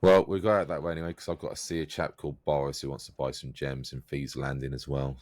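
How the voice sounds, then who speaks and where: A man in calm, measured in-character roleplay chat, explaining things patiently. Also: very deep voice, dry recording. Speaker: roleplay player.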